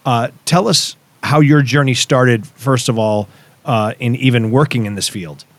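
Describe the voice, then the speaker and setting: A man hosting a podcast, asking questions in a relaxed, hesitant way. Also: mid-range voice, a little slow, no echo. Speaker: podcast host. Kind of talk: interview questions.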